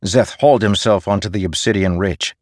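In a measured, steady storytelling style, a man with a lowish voice narrates a fantasy audiobook. The sound is clean studio quality with no room sound.

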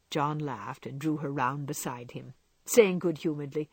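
A woman narrating a classic novel in an expressive storybook reading. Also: low-pitched, normal speed, slightly rough, no echo. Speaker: audiobook narrator.

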